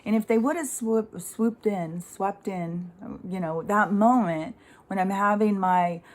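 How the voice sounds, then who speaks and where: A woman's voice: mid-range voice, unhurried. A middle-aged woman speaking in a rambling, conversational way, giving a casual spiritual monologue full of fillers and the odd swear word.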